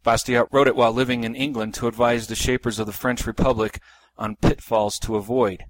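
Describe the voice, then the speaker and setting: Brief: male podcast host, steady scripted intro, dry close sound. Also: mid-range voice, brisk, no room sound, rough recording. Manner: plain, steady read of a prepared intro.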